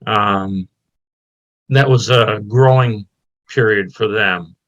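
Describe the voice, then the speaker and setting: Low-voiced, matter-of-fact middle-aged man. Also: slow, fairly bright tone, lo-fi sound. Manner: plain, matter-of-fact, filler-heavy. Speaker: interim fire chief candidate. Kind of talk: job interview at a public meeting.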